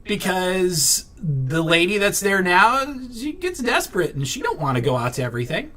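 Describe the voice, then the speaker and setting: A man's voice: high voice, sing-song, moderate pace, sharp tone. A man vlogging in a casual, rambling way, full of fillers and restarts, blunt and irritated as he vents and swears now and then. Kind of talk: casual venting to camera.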